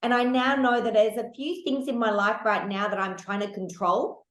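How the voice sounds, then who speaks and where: A woman hosting a candid, casual podcast chat, animated and laughing, with casual swearing. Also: a little high, moderate pace, echoey room. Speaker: podcast host.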